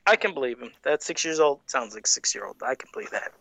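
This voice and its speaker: A man's voice: fast talker, creaky, dry recording. A man co-hosting a casual podcast, reading old fan letters aloud and joking about them with lots of laughter. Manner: animated, laughs often, jumps in pitch when joking. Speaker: podcast co-host.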